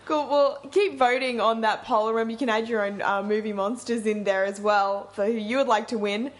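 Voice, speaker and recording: A woman's voice: fairly high pitch, fairly even intonation, a little fast. Upbeat young woman radio host. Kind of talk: casual radio chat.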